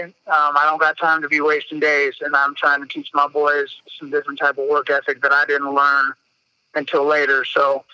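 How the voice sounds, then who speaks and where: Male guest, higher-pitched and bright, dry close mic, casual storyteller who swears freely. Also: smooth, no echo, rough recording. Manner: blunt, swears freely, animated retelling. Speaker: podcast guest.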